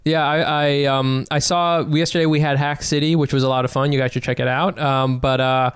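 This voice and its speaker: A man's voice: medium pitch, level tone, fairly quick, clear, resonant tone, dry recording, clean studio sound. A man co-hosting a comedy podcast, rambling through silly stories in casual chat. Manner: rambling, silly, bursts into laughter. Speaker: podcast co-host.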